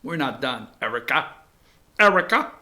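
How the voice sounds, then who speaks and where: A man hosting a talk show, giving animated, sarcastic commentary with asides to his producer. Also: medium pitch, moderate pace. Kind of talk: casual commentary.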